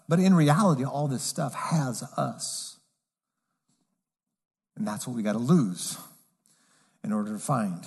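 A pastor preaching in a casual, conversational way, dropping to a low, soft voice for emphasis. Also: male voice, husky, big-room sound. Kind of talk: sermon.

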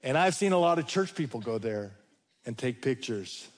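A male preacher delivering a sermon, telling stories with folksy humor and dramatic pauses. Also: mid-range voice, lively intonation.

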